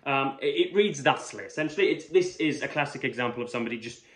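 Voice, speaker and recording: A man reviewing a magazine for his book channel, talking in a halting, wordy way with many fillers and restarts. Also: medium pitch, expressive, a bit bright. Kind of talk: casual book review vlog. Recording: roomy echo.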